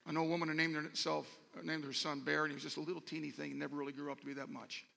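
A man's voice: a little high, flat delivery, very fast, vocal fry, few pauses, sharp tone. A man preaching a sermon to a congregation in a folksy, rambling way, with joking asides. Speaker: pastor. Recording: long reverb of a large hall.

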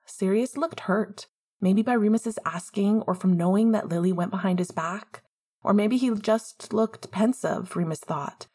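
A woman reading fan fiction aloud in a calm, measured way. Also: mid-range voice, husky. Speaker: reader.

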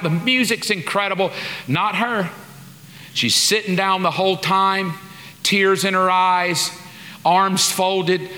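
A man tells a sermon story, animatedly voicing his own prayers and what others said. His voice sits high and rings bright and forward. The sound carries a long reverb, as in a large hall. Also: a little hiss or hum. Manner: animated, acts out dialogue and prayers. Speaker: pastor.

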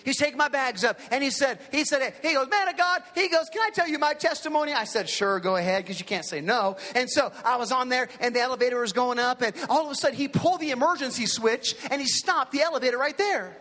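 A man in his forties preaching a lively storytelling sermon, acting out the people in his stories. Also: very high-pitched, fast talker, hardly any pauses. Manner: animated, impersonates characters in his stories. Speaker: pastor. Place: large hall with an audience. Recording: long hall reverb.

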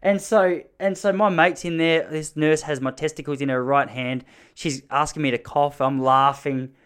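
A man telling an embarrassing story from his youth in an animated, self-mocking way. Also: moderate pace, clean tone. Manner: animated, self-mocking, jumps into high panicky voices for his younger self. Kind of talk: comic storytelling.

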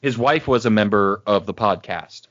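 A man's voice: fairly low pitch, normal speed, fairly bright tone, no room sound. A man co-hosting a podcast, telling rambling stories with many fillers in casual chat. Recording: dry, dull lo-fi sound.

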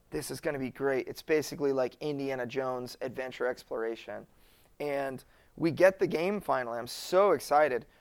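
A man telling a personal story in casual talk, animated and acting out his own past words as he goes. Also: mid-range voice, gravelly. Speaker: Christian board game publisher.

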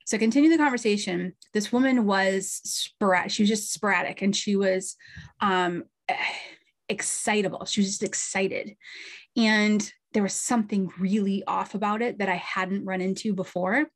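A woman's voice: mid-range voice, steady tone, normal speed. A middle-aged woman, a medium and podcast host, telling a story in a chatty way with asides and small laughs. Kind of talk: storytelling monologue.

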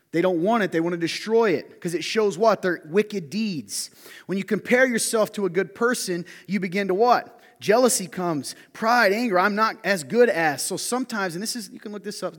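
A male pastor preaching a sermon in an animated way, often putting questions to his listeners. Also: high voice, moderate pace, big-room sound. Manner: animated, asks the audience questions.

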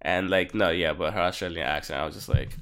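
A man with a somewhat low voice who talks in blunt, profane bursts during a casual wrestling chat. He is emphatic about everything. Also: fast talker, a bit bright.

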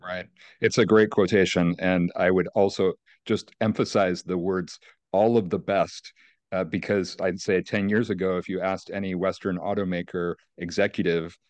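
A man answering as an energy research guest, measured and careful, qualifying his points with frequent hesitations. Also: sits low, level tone, no room sound. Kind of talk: expert interview answers.

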